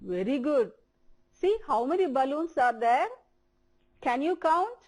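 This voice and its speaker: Slow, lively Indian English teacher woman. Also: high voice. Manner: slow, drawn-out, repeating words for children to copy. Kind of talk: televised primary-school English lesson.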